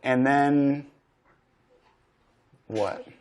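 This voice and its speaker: A man's voice: mid-range voice, fairly even intonation, drawn-out words, darkish tone, slight background noise. Casual man lecturing while live coding. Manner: thinking aloud, casual with many fillers and restarts. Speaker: university programming lecturer.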